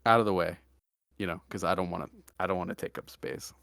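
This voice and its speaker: A young man hosting a podcast, telling a story in a deadpan, joking way with mock-serious asides. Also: sits low, fast talker, vocal fry, clear, resonant tone, no room sound, studio quality. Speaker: podcast host. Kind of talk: casual storytelling chat.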